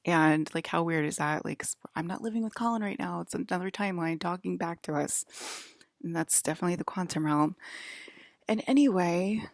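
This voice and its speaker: Brisk and on the low side, this woman's voice carries a rambling vlog monologue recorded in her bedroom, packed with the filler "like." The sound is clean and studio-quality, without any echo.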